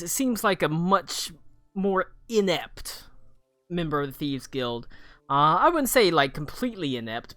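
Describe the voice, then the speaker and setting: Bright-voiced man running a tabletop game. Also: high voice, dry recording. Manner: rambling, many "uh"s and restarts. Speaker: game master.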